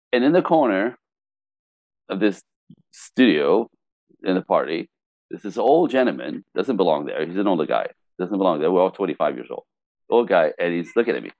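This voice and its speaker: A man's voice: sits low, no room sound, lo-fi sound. A middle-aged French Canadian man with a French Canadian accent, a podcast guest telling a story with lots of laughter and acted-out quotes. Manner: lively, laughs often, acts out quotes in different voices. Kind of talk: animated storytelling in a podcast interview.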